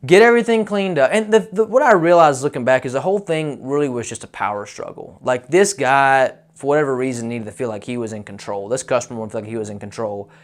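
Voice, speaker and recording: A man's voice: mid-range voice, lively intonation, quick pace, hardly any pauses. Man telling a roofing job story. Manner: rambling, many fillers and restarts, quotes people in his own voice. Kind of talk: casual storytelling.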